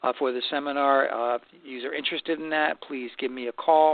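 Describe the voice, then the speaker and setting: A man with a gravelly, creaky voice hosts a trade advice show. He talks in a relaxed, folksy way and often repeats himself mid-thought. The sound is thin and tinny, like a phone line. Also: on the high side, a little fast, hardly any pauses. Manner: relaxed, folksy, repeats words while thinking. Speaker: host of a stone and tile advice show. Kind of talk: casual storytelling to listeners.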